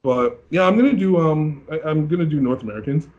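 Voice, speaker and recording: A bodybuilding competitor from Canada in a casual interview, telling his story with animated acted-out quotes. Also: a little high, fairly quick, dull audio.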